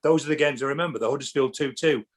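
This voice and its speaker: A man with a Yorkshire accent, a guest on a podcast, telling lively anecdotes and acting out what people said. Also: mid-range voice, racing. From England. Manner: animated, laughing, acts out quotes. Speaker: actor guest. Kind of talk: anecdotal storytelling.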